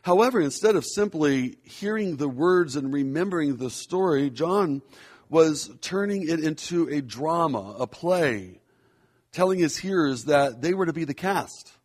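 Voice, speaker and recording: A man preaching a sermon in an earnest, measured way, slowing down to stress key phrases. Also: on the high side, lively intonation. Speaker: pastor.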